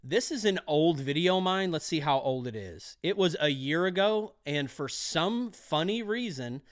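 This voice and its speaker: A man coaching electricians for their exam, energetic and pep-talking, repeating key phrases. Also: on the high side, moderate pace. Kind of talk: motivational trade lesson.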